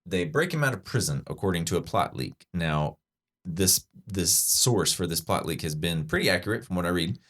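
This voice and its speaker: A man's voice: low voice, expressive, normal speed, a bit bright. A man hosting a podcast, chatting enthusiastically with lots of fillers and restarts. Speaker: podcast host. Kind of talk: casual chat breaking down a trailer.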